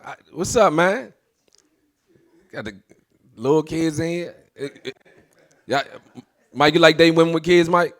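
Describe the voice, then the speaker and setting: A man's voice: fairly high pitch, measured pace, long pauses, fairly bright tone. A man in his thirties doing a stand-up comedy set, brash and swearing, acting out the people in his stories.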